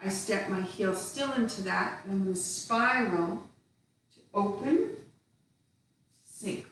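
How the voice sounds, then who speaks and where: A woman teaching tai chi, calmly talking through each step and movement. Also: mid-range voice, unhurried, slight background noise. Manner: calm, instructive, counting out steps. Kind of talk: guided movement lesson. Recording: echoey room from far off.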